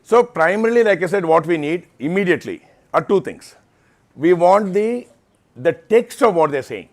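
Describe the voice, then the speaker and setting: A man's voice: high-pitched, animated, moderate pace. A man, giving an informal talk to interns at an onboarding session, explaining things patiently and often checking in with "right?". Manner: explanatory, frequent "right?" tag questions. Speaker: program lead addressing interns. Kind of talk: informal presentation with Q&A. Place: auditorium or lecture hall.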